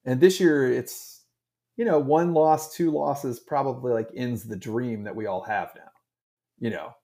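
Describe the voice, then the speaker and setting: A middle-aged man co-hosting a casual sports podcast, animated and rambling with frequent restarts. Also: mid-range voice, measured pace. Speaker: podcast co-host.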